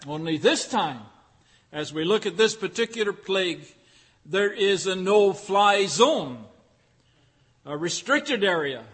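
Brief: male pastor with a high voice, measured, rhetorical sermon delivery in a reverberant church. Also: animated, a bit bright, husky. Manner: deliberate, rhetorical, repeats phrases for emphasis.

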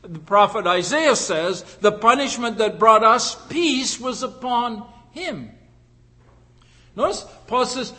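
A man preaching a sermon in an earnest, emphatic way, with frequent pauses and fillers. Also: sits high, animated, sharp tone. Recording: long hall reverb.

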